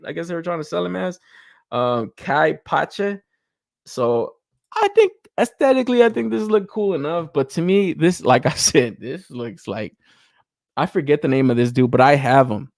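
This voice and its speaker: Animated, blunt male toy reviewer. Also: a little high, no room sound, clean studio sound. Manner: blunt, incredulous, laughs often, mocks others' hype in exaggerated voices. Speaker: podcast co-host reviewing action figures. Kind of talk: casual profane chat.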